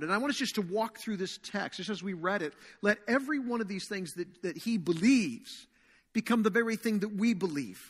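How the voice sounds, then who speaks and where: A man preaching a sermon as pastor to his congregation, earnest and slowing down to stress key phrases. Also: high-pitched, a bit bright. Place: church sanctuary. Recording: long reverb of a large hall.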